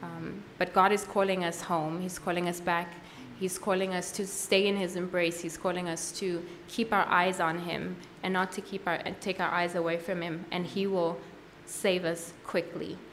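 Woman, low-ish voice, church testimony, earnest and halting, faint room noise behind. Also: little pitch movement. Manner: earnest, halting, with frequent fillers and restarts. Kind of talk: personal testimony at a worship service.

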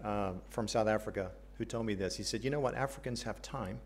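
A man's voice: on the low side, a little fast, a little hiss or hum. An American man preaches a sermon in an earnest tone. He puts questions to the congregation and drops in light jokes between his points. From United States. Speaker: pastor.

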